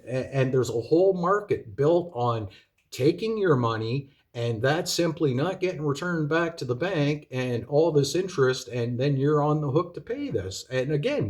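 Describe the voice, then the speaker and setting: A man ranting in a monologue to his viewers, profane and exasperated, lecturing them with rhetorical questions. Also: a little high. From Canada. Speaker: video commentator.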